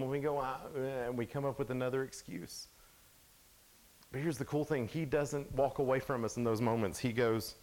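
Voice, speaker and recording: A young adult man giving a casual, animated sermon at a youth camp, sometimes dropping to a hush. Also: medium pitch, a little fast. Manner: casual, animated storytelling, drops to hushed tones.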